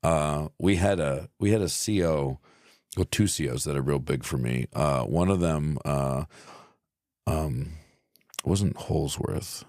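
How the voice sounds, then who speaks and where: A man in his thirties co-hosting a podcast, speaking in halting casual conversation, searching for words and swearing freely. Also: a bass voice, darkish tone, no room sound, studio quality. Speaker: podcast co-host.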